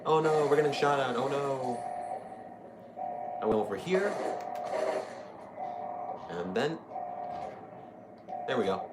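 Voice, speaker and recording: A man's voice: medium pitch, expressive, slow, pauses often, heavy background noise. A young man giving casual, chatty commentary while playing a video game, easily amused. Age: young adult. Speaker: gaming video host. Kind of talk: casual let's-play commentary.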